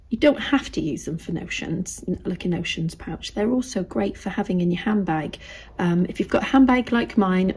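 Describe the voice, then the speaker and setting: A British woman vlogging casually as she shows craft items to the camera. She chats easily and often drops into soft, half-whispered asides. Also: medium pitch, breathy edge. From United Kingdom.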